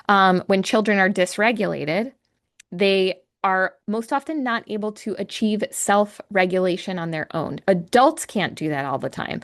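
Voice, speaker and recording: A woman hosting an educational podcast as a creative arts therapist, explaining ideas step by step in an earnest way and often restarting or correcting herself as she thinks aloud. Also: mid-range voice. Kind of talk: solo educational podcast talk.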